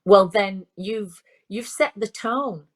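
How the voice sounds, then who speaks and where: A woman's voice: medium pitch, slow. A woman in her fifties, a parenting expert, speaking in a conversational interview, full of restarts and fillers. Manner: repeats herself, frequent restarts and fillers.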